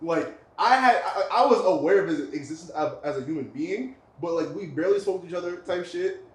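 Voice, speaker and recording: Young male co-host, high and slangy, off-mic in an echoey room. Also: expressive, fairly quick, recorded from a distance. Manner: laid-back slangy, heavy use of "like". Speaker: podcast co-host. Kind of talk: casual podcast chat.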